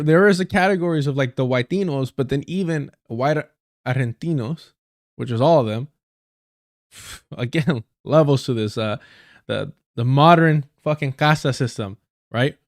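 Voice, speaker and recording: A man with a fairly high voice rants on his livestream, blunt and profane, using plenty of street slang. He circles back on phrases for emphasis and often restarts sentences. The sound is dry and close, with no room echo. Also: vocal fry. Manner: storytelling with repeated phrases and self-corrections. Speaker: livestream host. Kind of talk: casual ranting commentary.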